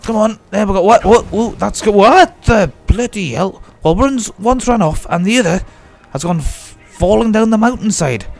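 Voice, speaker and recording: A man's voice: high-pitched, animated, normal speed, vocal fry, hardly any pauses, soft background music. A man giving chatty, jokey commentary as he plays a game and talks to himself. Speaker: let's play host. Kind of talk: casual gameplay commentary.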